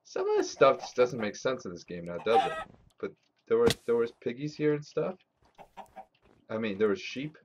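This gaming streamer has a medium-pitched voice with huge pitch swings and a moderate pace, and he curses frequently at his chat as frustration sets in. His desk mic gives slightly dull lo-fi stream audio over a noisy background.

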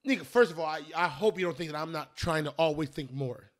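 A man's voice: a little high, quick pace. A young man hosting a podcast, rambling and swearing casually as he tells stories, after a few drinks. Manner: rambling, profane, restarts often, animated storytelling. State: has been drinking. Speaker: podcast host. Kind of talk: casual chat.

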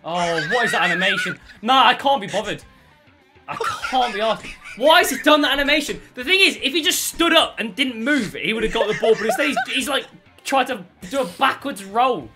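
Young male guest player, animated and exasperated, with faint music behind him. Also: very high voice, fairly quick. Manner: frustrated, ranting. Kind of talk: casual gameplay chat.

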